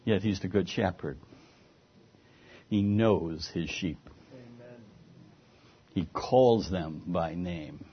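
A man preaching a sermon, lively and emphatic, often restarting his words. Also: low-pitched, slow, long pauses, husky. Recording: dull lo-fi sound.

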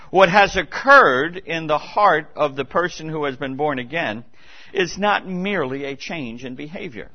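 Earnest preaching man, dull lo-fi sound. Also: fairly high pitch. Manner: earnest, emphatic preaching with repetitions and restarts. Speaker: pastor. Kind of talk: sermon. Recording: dull lo-fi recording.

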